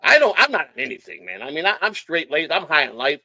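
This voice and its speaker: A man's voice: fairly high pitch, huge pitch swings, fast talker, bright, forceful tone, no echo. A middle-aged man from Chicago, hosting a casual livestream chat and telling rambling, profane stories in a hyper, nonstop way. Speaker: show host.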